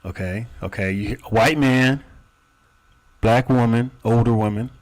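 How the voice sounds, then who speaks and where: A man hosting a live show, commenting in a slow, pointed, questioning way on a clip he plays. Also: medium pitch. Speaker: host reacting to a clip. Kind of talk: commentary over a played clip.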